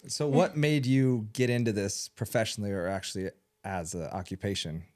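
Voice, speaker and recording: A man's voice: lowish voice, moderate pace, a little mellow. A man co-hosting a podcast, teasing and joking while asking questions. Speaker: podcast co-host. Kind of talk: casual chat.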